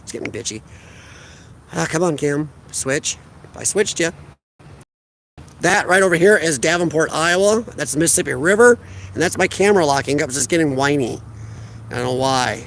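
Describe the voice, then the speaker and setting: A man with a Midwestern American accent chats easily on a live stream, held up to his phone's mic at a riverfront park. His voice sits high for a man, and he keeps answering viewers' chat messages by name. A faint wash of outdoor ambience runs under him. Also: lively intonation, normal speed, creaky, long pauses, a bit bright, slight background noise. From United States. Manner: chatty, reads out viewers' chat and answers them. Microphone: phone camera held by the speaker.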